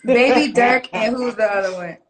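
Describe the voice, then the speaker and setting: A woman's voice: a little high, moderate pace. A woman guest on a casual live-stream chat who giggles, hesitates and stumbles over her answers.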